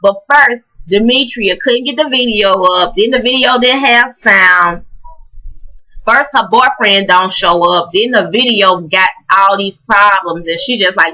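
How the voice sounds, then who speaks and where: A woman casually recapping a reality TV episode, animated and profane, acting out what people said. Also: medium pitch, unhurried, low-quality recording. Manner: animated, profane, acts out quotes. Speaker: recap vlogger.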